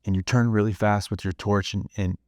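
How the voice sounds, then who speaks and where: A man's voice: on the low side, fairly even intonation, brisk, a little mellow, no echo, studio quality. A man hosting a podcast, telling a reflective story in the second person, earnest and casual with some swearing. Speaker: podcast host.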